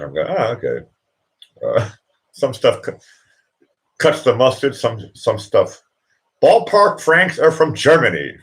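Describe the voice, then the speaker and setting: An American livestream host chats casually, rambling, joking, and laughing often. His voice is deep with a fairly bright tone.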